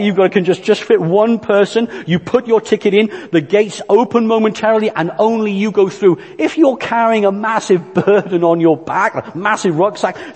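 Man, preacher, high voice, earnest, church hall reverb. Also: a little mellow. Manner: earnest, deliberate, illustrative. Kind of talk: sermon.

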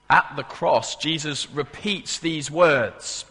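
A man preaching in a church with a bright, forceful voice that carries a long hall reverb. He speaks emphatically, repeats his key phrases and turns questions to the congregation. His voice sits a little high for a man. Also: slow pace, hardly any pauses, husky. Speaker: pastor. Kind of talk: sermon. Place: church service.

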